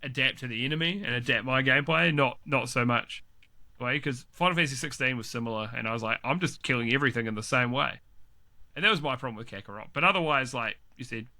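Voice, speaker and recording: Fast-talking and forceful, this medium-pitched, bright male voice belongs to a podcast co-host chatting casually. Swearing comes easily to him, he laughs a lot, and his sentences often start over.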